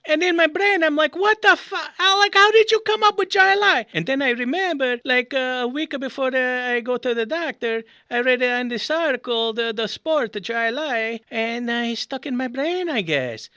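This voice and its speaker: A performer voicing an excitable middle-aged Italian immigrant man who tells rambling comic stories in broken English with an exaggerated Italian-American accent. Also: high voice, normal speed, few pauses, no echo, clean studio sound. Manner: rambling, animated, broken grammar. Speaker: podcast host. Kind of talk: comic character monologue.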